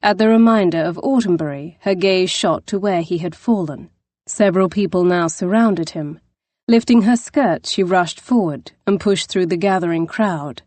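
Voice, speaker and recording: A woman narrating a historical novel as an audiobook, with an expressive, dramatic reading. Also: fairly low pitch, normal speed, dry recording. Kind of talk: scripted narration.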